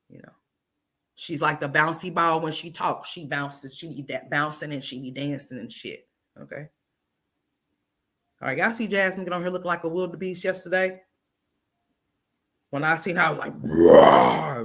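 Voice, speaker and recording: A woman streamer giving blunt, profane reaction commentary, talking straight to her live chat and swinging between loud and quiet. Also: low voice.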